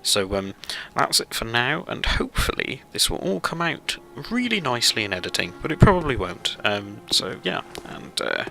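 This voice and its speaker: A man's voice: mid-range voice, sing-song, moderate pace, vocal fry, few pauses, pushed and bright, faint music behind, low-quality recording. A man hosting a let's play, rambling through casual gameplay commentary with lots of fillers and self-deprecating asides.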